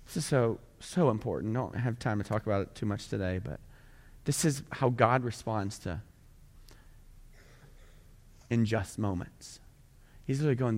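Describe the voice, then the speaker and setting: A man's voice: on the low side, normal speed, darkish tone, big-room sound. A male pastor preaching a sermon in a church, conversational and full of rhetorical questions. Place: church sanctuary.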